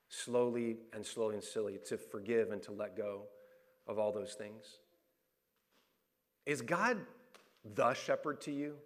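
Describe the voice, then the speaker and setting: A man's voice: lowish voice, fairly bright tone. A middle-aged male pastor preaching a sermon, speaking candidly with restarts and repeating phrases for emphasis. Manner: personal and candid, many restarts and fillers.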